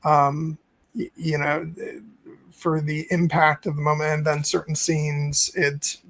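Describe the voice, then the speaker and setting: A man hosting a casual movie chat with a slightly high voice, recorded close and dry. He talks with eager enthusiasm, tripping over restarts and dropping the odd swear word. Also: level tone, unhurried, fairly bright tone, no room sound. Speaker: podcast host. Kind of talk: casual film discussion.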